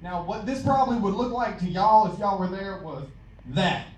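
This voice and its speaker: A man's voice: high voice, normal speed, a little hiss or hum. A young man from Louisiana with a Southern accent doing a crude, self-mocking open-mic stand-up set, laughing at his own jokes. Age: young adult. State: out of breath. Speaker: stand-up comedian. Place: comedy club stage. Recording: echoey club from a distance.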